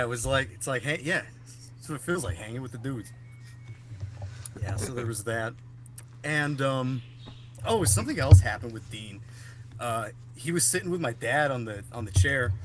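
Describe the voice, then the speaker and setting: A man's voice: medium pitch, background noise. A young man co-hosting a podcast, telling stories in casual chat, laughing often and swearing. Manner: animated storyteller who laughs often and swears. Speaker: podcast co-host.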